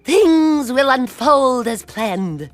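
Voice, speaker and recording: An actress voicing a phony woman psychic who speaks slowly in a fake French accent in a cartoon, with music behind. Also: high-pitched, animated, no room sound, exaggerated voice. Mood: mystical. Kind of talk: cartoon voice acting.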